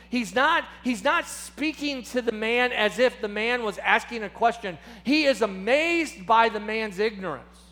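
Male preacher, high bright voice, animated delivery that voices the people he quotes. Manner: impassioned, acts out quoted speakers with rising pitch. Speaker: pastor. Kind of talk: sermon.

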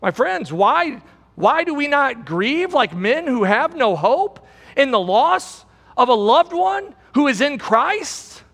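A man's voice: very high-pitched, very animated, slow pace, fairly bright tone, in a large hall. A man preaching a sermon as pastor, emphatic and repetitive, asking the congregation rhetorical questions.

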